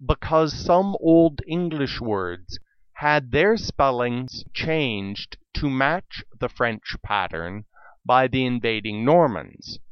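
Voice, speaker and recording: A man with a smooth, resonant voice gives a scripted spelling lesson at a very slow, deliberate pace, spelling out letters one by one. His pitch moves lively up and down as he explains. The sound is dry and a little dull, like a lo-fi recording. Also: dry recording. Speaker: spelling teacher.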